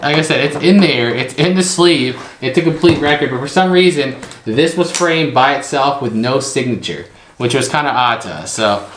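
A man's voice: medium pitch, moderate pace, fairly bright tone. A man hosting a casual vlog about items from a storage unit, talking in a rambling way full of hedges and "like". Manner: rambling, hedging with lots of "like". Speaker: storage unit reseller host. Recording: echoey room with faint noise.

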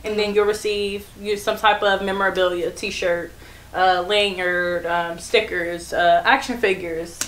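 A woman's voice: lowish voice, steady tone, measured pace, a bit bright. A woman co-hosting a casual eating show, chatting and laughing as she plugs the show. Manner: laughing, chatty promo talk. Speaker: co-host. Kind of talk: casual chat while eating. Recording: echoey room with faint noise.

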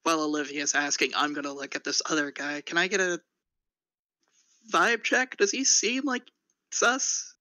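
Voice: medium pitch, steady tone, moderate pace, bright, forceful tone, no echo. A player in a tabletop game asking casual, slangy questions. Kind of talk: role-playing a tabletop game.

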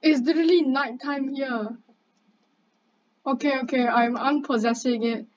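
A young woman with a high, bright-pitched voice gives excitable commentary on a game while bossing a friend around and tossing in casual swears. Her voice comes through a dull, lo-fi mic with a faint hiss behind it. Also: measured pace. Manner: excitable, chatty, bossy banter. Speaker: gamer.

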